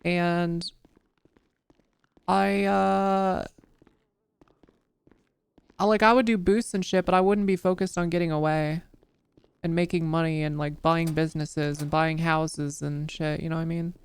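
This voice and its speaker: A woman's voice: on the low side, flat delivery, unhurried, gravelly, pauses often, clean tone, no room sound. A woman streamer chatting casually while she plays, rambling and swearing with lots of fillers. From United States. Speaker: streamer playing a role-play game. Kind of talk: casual gaming chat.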